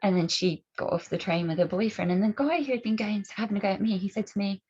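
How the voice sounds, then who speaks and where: A woman's voice: medium pitch, fast talker, a little mellow, slightly rough. A woman speaking earnestly to camera as a campaigner, asking pointed rhetorical questions and often restarting her sentences. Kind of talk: personal commentary and storytelling. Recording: dull lo-fi recording.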